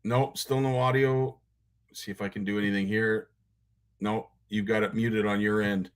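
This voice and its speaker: A man's voice: fairly low pitch, level tone, normal speed, clean tone. A man hosting a live show, talking in a friendly, encouraging, casual way. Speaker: host.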